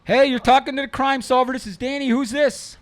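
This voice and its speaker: A man's voice: very high voice, fairly even intonation, fairly quick. A man hosting a call-in talk show, a former cop who talks emphatically and repeats his points for stress. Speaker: radio show host; former police officer.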